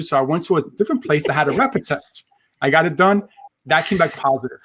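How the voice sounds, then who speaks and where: A man's voice: on the high side, lively intonation, a little fast, fairly bright tone. A man with a New York accent, a guest in a casual interview, who talks easily, repeats his phrases and chuckles often. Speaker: guest, motivational speaker. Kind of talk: casual video chat interview.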